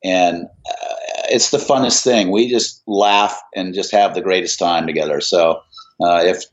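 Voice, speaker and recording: Middle-aged musician guest, low voice, rambling anecdotes, lo-fi sound. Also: male voice, fairly even intonation, a little slow. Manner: rambling, many fillers and restarts. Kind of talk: casual anecdotal storytelling. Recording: dull lo-fi audio.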